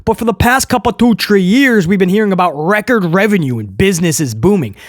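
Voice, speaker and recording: A man hosting a wrestling news show, talking casually to viewers in an excitable, rambling way with jokey asides. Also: high-pitched, a little fast, dry recording, studio quality.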